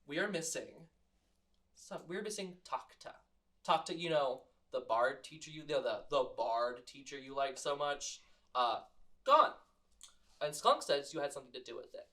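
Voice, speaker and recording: A man's voice: fairly high pitch, expressive, normal speed, pushed and bright. A man voicing a snobby, impatient young woman ranger who works as a caretaker and barks curt demands.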